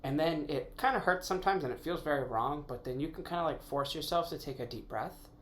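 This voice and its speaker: A man hosting his own podcast muses aloud in a casual, rambling solo episode, correcting himself along the way and swearing now and then. His voice is on the high side and fairly bright, moving fairly quickly, with slight background noise.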